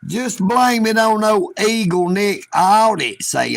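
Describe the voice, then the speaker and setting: A man's voice: high voice, sing-song, slow pace, creaky, dry recording. A man from chatting on a livestream in a folksy, joking, rambling drawl. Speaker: livestream host. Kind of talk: casual livestream chat.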